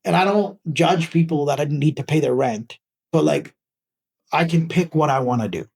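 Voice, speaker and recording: A man with a Canadian accent, an actor talking casually in an interview, animated and emphatic as he makes his points. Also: moderate pace, vocal fry, slightly rough. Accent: Canadian English. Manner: animated, emphatic, rising pitch when making a point. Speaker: actor guest.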